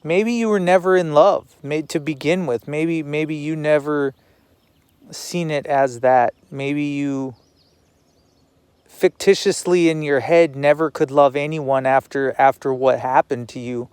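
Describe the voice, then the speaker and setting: A man's voice: on the high side, unhurried, darkish tone, smooth, dry recording. A man talking to the camera in a rambling personal monologue, repeating words and swearing now and then.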